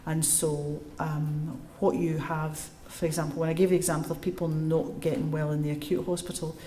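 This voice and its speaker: A woman's voice: low-pitched, moderate pace. A woman giving a public lecture to a live audience and answering questions, telling stories and explaining step by step. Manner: lively storytelling, explains step by step. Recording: echoey room.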